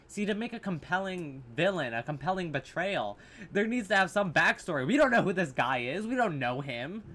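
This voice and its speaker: A man hosting a reaction video responds casually to horror short films, blunt and sarcastic, cursing freely and restarting sentences. His voice is on the high side and fairly bright, with a slight hiss or hum.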